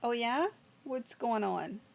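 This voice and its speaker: A woman's voice: on the high side, takes it slowly, vocal fry. A woman game streamer chatting casually on a live stream, laughing often and greeting viewers in chat as she plays.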